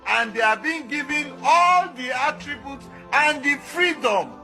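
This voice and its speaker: Male guest, high bright voice, measured explanations. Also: expressive, faint music behind. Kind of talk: explanatory discussion.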